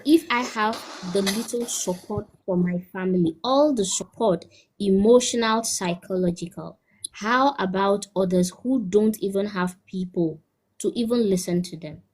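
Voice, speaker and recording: A woman's voice: mid-range voice, normal speed, darkish tone, slight background noise, low-quality recording. A young woman with an ordinary mid-range voice talks as a guest. She is earnest and candid, moving between English and Yoruba. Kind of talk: conversational chat.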